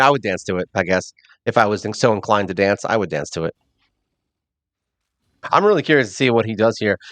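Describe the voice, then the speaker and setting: A man hosting a mobile game channel, giving casual, rambling gameplay commentary and thinking out loud with a self-mocking streak. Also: fairly low pitch, dry recording.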